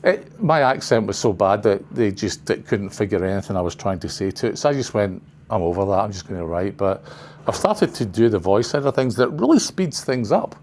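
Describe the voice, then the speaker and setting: An older man with a lowish voice talks a class through his slides, drifting off into chatty asides and stories. The room carries a faint hum behind him. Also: sing-song, normal speed, a little mellow. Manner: rambling, chatty, full of asides. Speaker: trainer. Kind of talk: casual presentation to a class. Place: training room.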